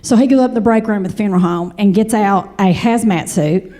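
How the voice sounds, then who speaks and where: A woman in her forties with a Kentucky accent, telling a stand-up story in a chatty, animated way and talking straight to the audience. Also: mid-range voice, a little fast, a crowd in the background. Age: 40s. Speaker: comedian.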